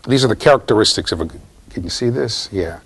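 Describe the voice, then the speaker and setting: A man lecturing a university class in a lively, jokey way, talking straight to the students. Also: lowish voice, fast talker, creaky, breathy edge. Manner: animated, jokey, talks to students directly.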